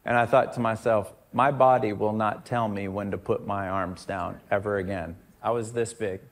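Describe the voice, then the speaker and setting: A man preaching in a church service, telling stories conversationally with emphatic repetitions. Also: on the low side. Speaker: pastor. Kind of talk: sermon.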